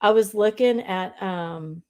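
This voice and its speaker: A woman's voice: mid-range voice, slow, mellow. A woman hosting a casual live stream, chatting with viewers and calling them y'all. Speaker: livestream host.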